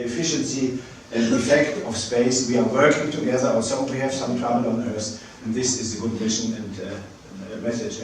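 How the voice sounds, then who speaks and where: A man giving a public lecture with slides, speaking hesitantly with many pauses and restarts. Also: mid-range voice, a little hiss or hum. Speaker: space agency director giving a public lecture. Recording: very echoey hall, mic at a distance.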